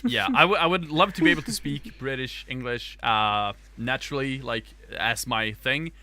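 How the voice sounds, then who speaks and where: A man's voice: mid-range voice, normal speed, sharp tone. A man with a Swedish accent chatting casually as a podcast co-host, rambling with lots of fillers and restarts.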